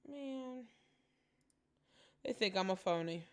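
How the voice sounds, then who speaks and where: A woman's voice: lowish voice, lively intonation, moderate pace, creaky. A woman hosting a casual vlog, talking straight to her viewers in an exasperated way. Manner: exasperated, talks to viewers as y'all. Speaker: channel host. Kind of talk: casual live vlog commentary.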